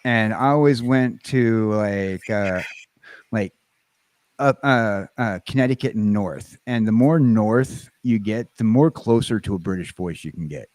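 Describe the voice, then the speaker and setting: A man's voice: lowish voice, measured pace, a little mellow, no room sound. An American man hosting a casual livestream chat. He rambles and halts, with lots of fillers and restarts. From United States. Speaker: livestream host.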